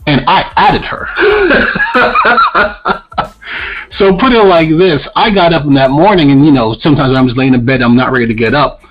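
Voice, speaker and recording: A man's voice: medium pitch, highs cut off. A man co-hosting a podcast in casual, opinionated talk, blunt and profane as he rants. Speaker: podcast co-host.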